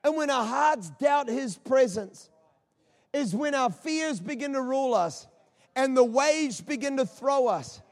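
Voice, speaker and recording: A man's voice: very high-pitched, animated, measured pace. Male pastor, impassioned sermon, stacks rhetorical questions, large echoing auditorium. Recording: long reverb of a large auditorium.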